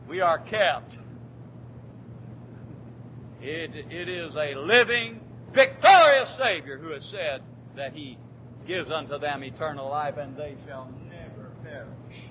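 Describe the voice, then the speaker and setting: A man preaches a fervent sermon in a high, bright voice. He drops to near-quiet, drawn-out phrases, then rises to shouted declarations. A faint rumble sits behind him in the church. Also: rough recording.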